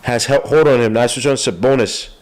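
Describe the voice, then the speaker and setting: A man's voice: mid-range voice, brisk, darkish tone. A man with a stuffy nose, hosting a podcast and giving loose, rambling live play-by-play with asides. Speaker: podcast host. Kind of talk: casual live game commentary.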